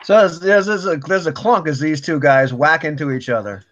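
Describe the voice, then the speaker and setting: A man runs a tabletop game as game master, narrating scenes and explaining rules. He rambles and restarts his sentences often, in a slightly high voice. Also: moderate pace, fairly bright tone, dull audio.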